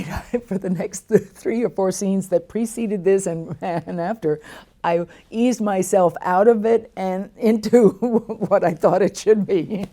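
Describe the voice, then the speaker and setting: An older actress telling lively stories in an interview, with frequent laughs and restarts. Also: female voice, lowish voice. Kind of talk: storytelling interview.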